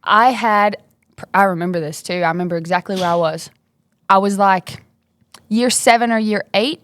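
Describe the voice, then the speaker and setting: A woman's voice: medium pitch, normal speed, fairly bright tone. A young woman, chatting casually and upbeat as a guest, laughing easily. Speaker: basketball player, podcast guest. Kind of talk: casual interview chat.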